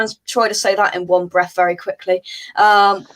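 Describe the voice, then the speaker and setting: A woman's voice: medium pitch, level tone, a little fast, fairly bright tone, low-quality recording. A woman hosting a live football fan show, chatting casually and reading out viewer comments with plenty of filler words.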